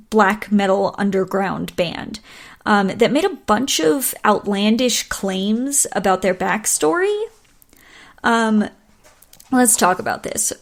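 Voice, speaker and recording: Woman, podcast host, casual solo chat, laughs a lot, filler words, mid-range pitch. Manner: chatty, laughs often, many ums and likes.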